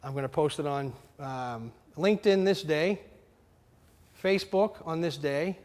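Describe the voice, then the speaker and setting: A man presenting a marketing workshop to a live audience, energetic and often checking in with questions. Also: on the high side, measured pace. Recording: long hall reverb.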